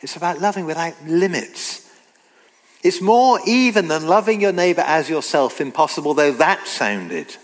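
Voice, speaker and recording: A man's voice: on the high side, expressive. Guy preaching a sermon in a church hall, earnest, voice ringing round the room. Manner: earnest, emphatic, reads scripture aloud slowly. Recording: long reverb of a hall.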